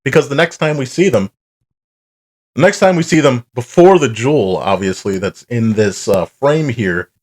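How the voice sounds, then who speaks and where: A man's voice: medium pitch, normal speed. Profane rambling male podcast host. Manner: rambling, profane, animated retelling. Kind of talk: casual chat.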